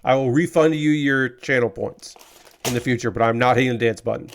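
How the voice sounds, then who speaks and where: A man's voice: medium pitch, fairly quick, a little hiss or hum. A man live-streaming while he builds model kits, talking casually and rambling, with lots of fillers and some swearing. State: frustrated.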